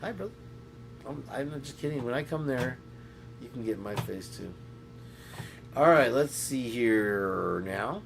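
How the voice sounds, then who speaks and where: A man's voice: medium pitch, lively intonation, a little slow, vocal fry, over music. A man hosting a casual podcast, rambling through stories and jokes and laughing often. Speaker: host.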